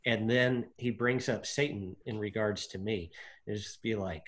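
Guy chatting about the bible, lively, acts out the quotes, lots of ums. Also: on the low side, measured pace. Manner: animated, acts out quotes, many fillers. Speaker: Bible discussion co-host. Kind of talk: casual Bible study chat.

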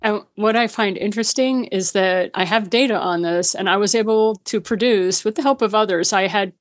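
A woman's voice: mid-range voice, moderate pace, dry recording, studio quality. A woman talking frankly and practically as a podcast guest, with a touch of self-deprecation. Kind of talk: casual podcast conversation.

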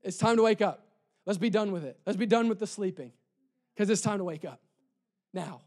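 A man preaching a sermon in church, impassioned and repetitive, dropping soft for emphasis. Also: high voice, a little fast. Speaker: pastor.

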